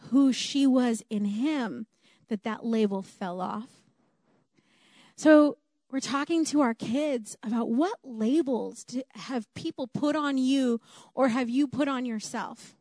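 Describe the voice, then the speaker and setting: Woman preacher, high voice, slow deliberate sermon delivery, earnest and emphatic, dry close sound. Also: darkish tone, no room sound. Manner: earnest, emphatic, repeating key phrases.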